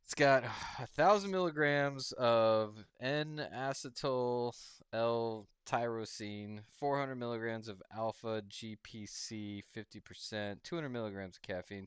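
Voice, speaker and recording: A man hosting a casual crypto livestream, chatting loosely, chuckling often and reading a product label aloud haltingly. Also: on the low side, clean tone, dry recording. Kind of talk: casual rambling livestream chat.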